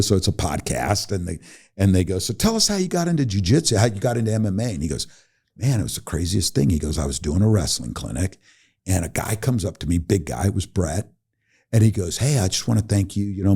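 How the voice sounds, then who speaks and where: A middle-aged man speaks as a podcast guest, his low voice swinging widely in pitch as he tells a story. He acts out the people he quotes and breaks into laughter along the way. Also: slightly rough. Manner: animated, laughing while telling a story, acting out quoted voices. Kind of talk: casual storytelling.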